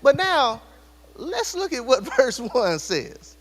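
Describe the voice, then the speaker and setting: A man's voice: very high voice, huge pitch swings, normal speed. A man preaching a sermon in a church, addressing the congregation directly with repeated rhetorical questions. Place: church sanctuary. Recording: long church hall reverb.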